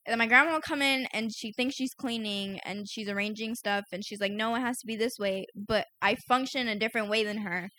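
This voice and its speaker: Relaxed young woman telling stories. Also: on the high side, brisk, few pauses, no room sound. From United States. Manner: relaxed, filler-heavy storytelling with frequent laughs. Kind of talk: casual chat.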